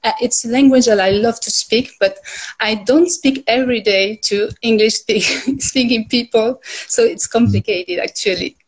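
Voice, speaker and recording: A woman's voice: fairly high pitch, normal speed, low-quality recording. French woman speaking hesitant English. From France. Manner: searching for English words, laughs often. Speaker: guest. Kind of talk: casual livestream chat.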